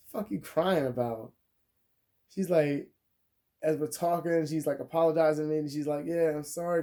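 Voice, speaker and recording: With a slightly high voice, a young man vlogs a foul-mouthed storytime rant. He's crude and lively, swinging from shouted bursts to mumbled side comments.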